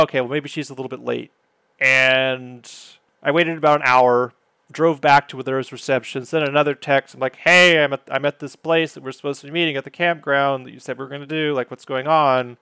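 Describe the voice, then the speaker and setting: A man hosts a podcast in casual chat, his voice smooth and resonant on a close, dry mic. He tells his story with animated exasperation. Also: medium pitch, dry recording. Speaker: podcast host.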